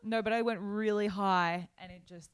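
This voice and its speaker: A playful woman co-hosting a casual podcast, rambling and giggly as she talks. Her voice is smooth and clear at a middle pitch, recorded close with a dry sound. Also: fairly even intonation, moderate pace, dry recording. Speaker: podcast co-host. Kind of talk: casual chat.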